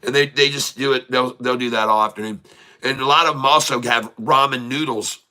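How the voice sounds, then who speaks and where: A man's voice: medium pitch, steady tone, fairly quick, sharp tone, smooth. A man hosting a day-trading livestream, rambling casually, repeating words and laughing often as he tells a joke.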